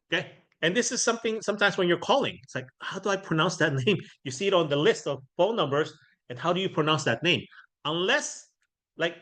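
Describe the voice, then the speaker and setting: A man's voice: on the high side, sharp tone. A middle-aged man teaching a workshop, talking casually and often checking in with "right?" while he acts out sample doorstep lines. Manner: conversational, keeps checking in with "right?". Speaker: real estate trainer.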